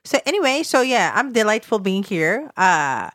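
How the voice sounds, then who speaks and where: A woman's voice: mid-range voice, very animated, moderate pace, a bit bright, no room sound, studio quality. A woman co-hosting a casual chat show, giggly and scattered, with non-native phrasing. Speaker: co-host.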